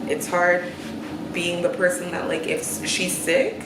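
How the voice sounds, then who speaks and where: A woman's voice: lowish voice, measured pace, distant mic, background noise. A young woman chatting casually about motherhood, telling stories with lots of laughter and slangy asides. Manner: animated storyteller, laughs often. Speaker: host. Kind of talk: casual chat. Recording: roomy sound with music behind.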